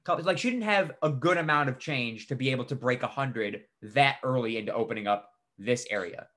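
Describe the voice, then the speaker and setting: A man co-hosting a podcast, telling a story in animated casual chat, swearing freely and saying "like" a lot. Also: medium pitch, brisk. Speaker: podcast co-host.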